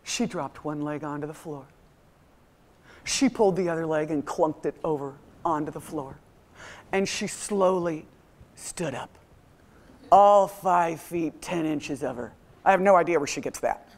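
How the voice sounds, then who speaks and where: Animated woman motivational speaker. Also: low-pitched, a little slow, pauses often. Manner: animated storytelling, acts out quoted voices. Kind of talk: keynote talk to a live audience.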